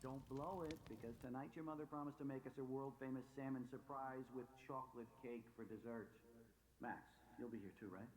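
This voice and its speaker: Brief: actor as a jovial, teasing game dad, middle-aged, mid-range voice, faint hum behind. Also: male voice, medium pitch, steady tone, brisk, lightly acted. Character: cheerful middle-aged family dad, warm and joking. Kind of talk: video game voice acting.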